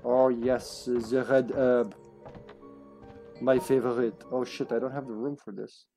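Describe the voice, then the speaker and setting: A man streaming a survival game live, chatting excitably, joking and swearing as he plays. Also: mid-range voice, unhurried, faint music behind. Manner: excitable, swears, jokes around. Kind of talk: live gameplay chat.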